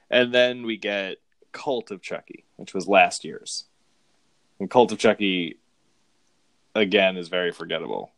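A man's voice: deep voice, fairly bright tone, no room sound. A man in casual chat, rambling and amused as he recaps movie plots, often restarting his sentences.

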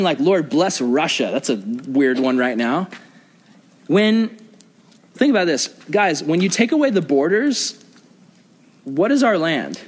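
A young man with a high voice gives a conversational sermon to a youth group. He keeps putting questions to his listeners. His voice rings out in a hall with a long reverb. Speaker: youth pastor.

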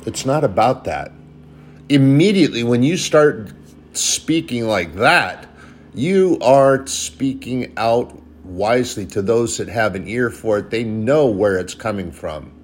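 A man's voice: medium pitch, expressive, unhurried, slight background noise. A man giving an informal sermon in an earnest, plain-spoken way, turning sharply scolding at times.

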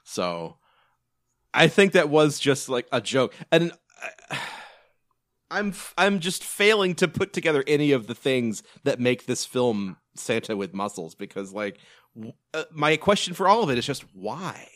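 A man's voice: medium pitch, big pitch swings, a little slow, fairly bright tone, no room sound. Rambling man reviewing a movie. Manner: rambling, frequent restarts and fillers, swearing. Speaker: podcast co-host. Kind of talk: casual movie review chat.

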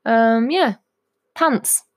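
A woman co-hosting a casual chat podcast. Her voice sits a little high, and she giggles and teases her co-host. She often stops to search for words. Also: extremely slow, background noise. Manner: giggly, teasing, hesitant with fillers. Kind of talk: casual banter.

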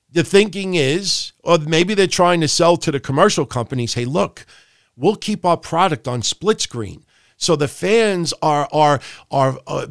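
A man's voice: a little high, no echo, clean studio sound. A man hosting a wrestling podcast, ranting profanely and animatedly, with mocking impressions of other people. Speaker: podcast host.

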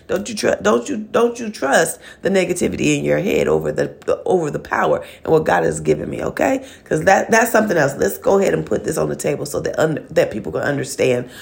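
Gravelly-voiced woman giving an earnest pep talk. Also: low voice, lively intonation, fast talker, hardly any pauses. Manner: earnest, addresses listeners directly with frequent "okay?"; repeats words while searching for phrasing. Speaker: podcast host. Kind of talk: faith-based motivational talk.

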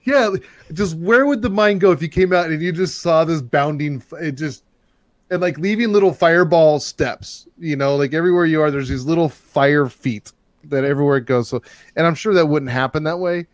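A man telling a long story in casual chat, rambling and getting loud and animated as it builds. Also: a little high, brisk, no echo. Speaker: podcast host telling a story.

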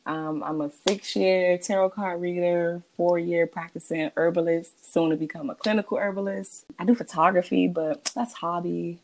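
A woman from Washington, D.C., a guest on a casual podcast interview, talking in a calm, reflective way. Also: lowish voice, moderate pace, few pauses, a little hiss or hum, low-quality recording. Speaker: guest, entrepreneur and herbalist.

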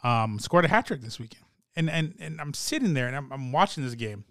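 A young man talking in a rambling, excitable way with many fillers and restarts, as in casual chat. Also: mid-range voice, a little fast, no echo, clean studio sound. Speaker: soccer fan podcaster.

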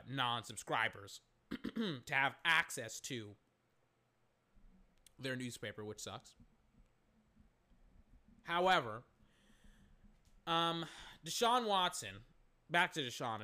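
A man's voice: mid-range voice, pushed and bright. A young man rambling through a casual, profane solo sports talk show as its host. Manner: rambling, profane, restarts a lot.

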